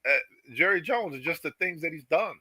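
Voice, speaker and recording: A man's voice: on the high side, expressive, brisk, a loud crowd, low-quality recording. A man co-hosting a sports podcast, chatting casually and peppering his talk with "you know". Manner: conversational, heavy use of "you know". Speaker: podcast co-host.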